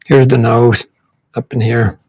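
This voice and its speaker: A comic book artist sketches during a casual drawing demonstration, rambling and repeating words as he thinks aloud and demonstrating mouth sounds and faces. His mid-range voice is level, unhurried, and mellow with a breathy edge, on a low-quality recording.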